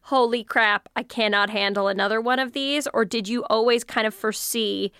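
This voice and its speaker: A woman hosting a casual interview, asking curious, quick follow-up questions. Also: on the high side, steady tone, fairly bright tone, clear, resonant tone, dry recording, clean studio sound. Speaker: podcast host.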